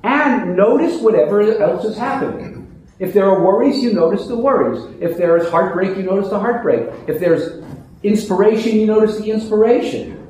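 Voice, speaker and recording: A man teaching a mindfulness meditation class, explaining calmly and often restarting his sentences. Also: high voice, normal speed. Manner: calm, explanatory, with frequent restarts. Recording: very echoey room, faint noise.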